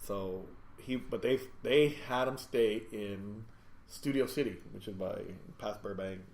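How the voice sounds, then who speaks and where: A man hosting a podcast from his store, telling rambling, animated anecdotes in casual chat. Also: lowish voice, measured pace. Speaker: podcast host and store owner. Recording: echoey room.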